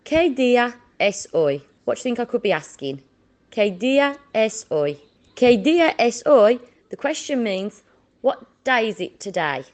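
A woman teaching children a Spanish lesson, slowly drawing out each word for them to repeat. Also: on the high side, sing-song, darkish tone. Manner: slow, drawn-out modelling of words for repetition.

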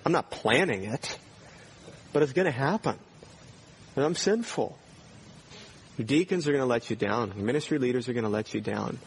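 A man's voice: mid-range voice, creaky, slight background noise. Earnest male pastor preaching. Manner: earnest, direct questions to the congregation. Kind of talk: sermon.

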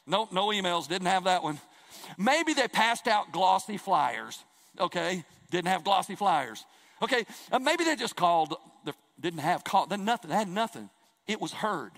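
Man, pastor, high-pitched voice, emphatic sermon delivery, repeats key phrases, long reverberant church sound. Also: fairly bright tone. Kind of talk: sermon with scripture reading.

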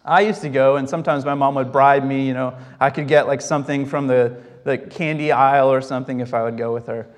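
A man's voice: medium pitch, steady tone, brisk, hardly any pauses, big-room sound. A young adult man giving a conversational sermon as a pastor, telling stories and asking the congregation questions.

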